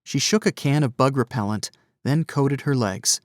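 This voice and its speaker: A man narrating a first-person audiobook with expressive storytelling. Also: mid-range voice, normal speed, no room sound, clean studio sound.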